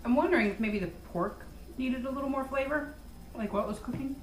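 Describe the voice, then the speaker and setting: A woman's voice: high voice, fairly quick. A woman vlogger chatting cheerfully and casually at home. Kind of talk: casual chat. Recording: roomy with faint noise.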